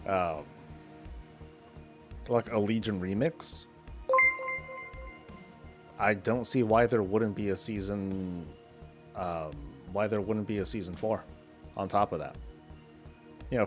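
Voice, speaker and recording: A man with a fairly low voice rambles casually through a live gaming stream and answers chat as he goes. Faint music plays underneath. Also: steady tone, a little slow, long pauses, a little mellow. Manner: rambling, answers chat between in-game moves.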